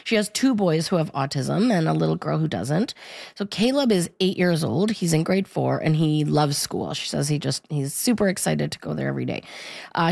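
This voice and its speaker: A woman reporter with a low voice and a gravelly edge, recounting families' stories in a measured, informative way. The sound is close and dry. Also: a little mellow, no echo. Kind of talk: radio report in conversation.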